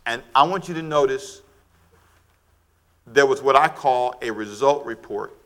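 A middle-aged man preaching a sermon, animated and shouting at times, calling for amens from the congregation. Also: mid-range voice, a little slow. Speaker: pastor.

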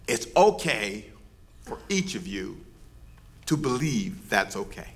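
A man's voice: on the low side, sing-song, slow. A man preaching as pastor, leading his congregation in call and response and teasing them playfully. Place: church service before a congregation.

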